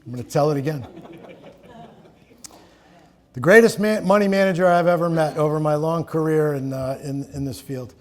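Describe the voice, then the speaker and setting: A man's voice: fairly high pitch, normal speed, long pauses, a little mellow. A middle-aged man from Connecticut presenting a live seminar in a conversational, joking way, to an audience in a room. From Connecticut, USA.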